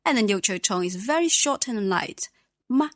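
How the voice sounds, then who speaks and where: A woman, teaching the language patiently and modeling each sound clearly. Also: medium pitch, lively intonation, moderate pace, a bit bright, no echo, studio quality. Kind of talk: conversational language lesson.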